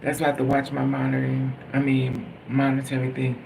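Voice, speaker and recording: A man's voice: mid-range voice, completely flat delivery, fast, gravelly, noisy background. A man telling a personal story in a casual, rambling way, swearing freely and laughing at his own telling. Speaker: storytime vlogger.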